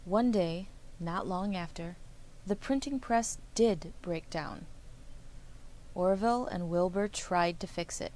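A woman reading a children's story aloud in a gentle, clear storytelling manner. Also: on the low side, slow, slight background noise.

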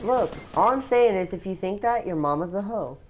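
A woman's voice: medium pitch, animated, moderate pace, slight background noise, poor audio. A woman streaming a video game, laughing and swearing as she complains to her friends. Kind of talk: casual gaming stream chat.

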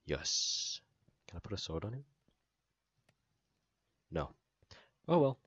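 A man's voice: deep voice, big pitch swings, slow pace, fairly bright tone, breathy edge, dry recording, muffled recording. A man hosting a gaming channel, narrating his own moves in a playful let's play commentary with sound effects.

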